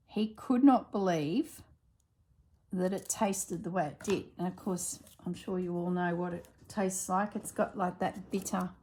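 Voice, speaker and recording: A woman's voice: on the low side, vocal fry, darkish tone. A woman, chatting and telling stories while she works on a craft project at home. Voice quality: chatty storyteller. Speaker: craft vlogger. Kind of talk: casual chat while crafting.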